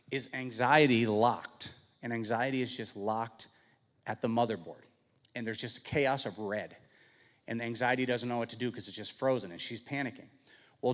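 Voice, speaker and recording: A man giving a personal testimony as guest speaker at a church, telling stories with lively acted-out dialogue. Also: medium pitch. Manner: animated storytelling, acts out dialogue. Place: church sanctuary. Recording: long church hall reverb.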